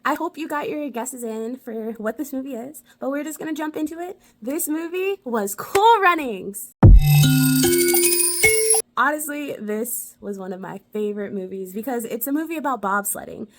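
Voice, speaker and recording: A woman's voice: high voice, animated, normal speed, faint music behind. A young woman hosting a casual movie review vlog, bubbly and enthusiastic, giggling as she talks.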